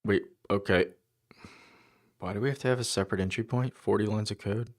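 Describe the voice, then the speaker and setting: A man with a fairly low voice talks through his coding session, reading and reacting as he goes. He murmurs short asides and half-thoughts to himself in a relaxed, conversational way. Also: fairly quick. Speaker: developer livestreaming his coding. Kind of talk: casual thinking-aloud commentary.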